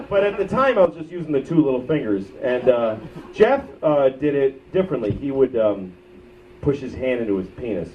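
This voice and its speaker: A man performs stand-up, telling crude stories against himself, and his pitch leaps up and down as he goes. The bootleg recording is dull and taken from far back in the club. A noisy audience and steady background hiss sit over the sound. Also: a little fast. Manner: self-mocking, crude, rambling storytelling. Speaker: stand-up comedian. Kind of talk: stand-up comedy set. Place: comedy club stage. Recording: muffled bootleg audio from far off, with crowd and noise. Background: audience laughter.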